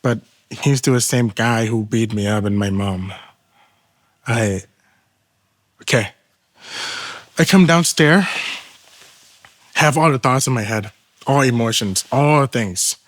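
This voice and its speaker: A man with a Thai accent speaks at a mid-range, ordinary pitch. His English is halting, with restarts along the way, and he sounds earnest as he tells a personal testimony, stepping into the other people's voices to act out the dialogue. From Thailand. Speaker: testimony guest.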